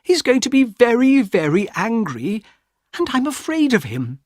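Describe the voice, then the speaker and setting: A frightened young sister pleads in a high, strained voice, put on by a male audiobook reader. The delivery is slow and rises and falls widely. The room is dry and close. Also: huge pitch swings, a little mellow, no room sound, exaggerated voice. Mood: pleading. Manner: raised pleading voice. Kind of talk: audiobook reading.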